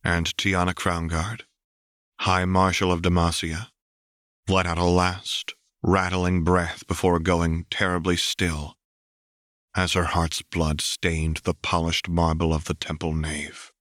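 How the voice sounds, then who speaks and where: A man with a deep voice narrates a story in steady, measured storytelling. His tone is bright and forceful, and the recording is dry and close, with no room around it. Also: dry recording. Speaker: audiobook reader.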